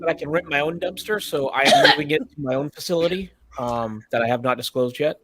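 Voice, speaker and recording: A man on a casual gaming podcast, plugging a tournament in a relaxed, halting way with plenty of fillers. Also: a little high, a crowd in the background. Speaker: podcast co-host promoting a tournament.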